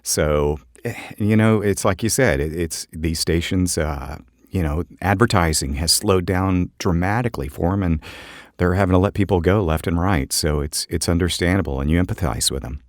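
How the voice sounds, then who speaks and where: A male podcast co-host speaks in a very low, laid-back voice, rambling with frequent fillers. His voice is recorded close and dry, with no room sound. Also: normal speed, no room sound. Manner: relaxed, joking, many fillers. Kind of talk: casual chat.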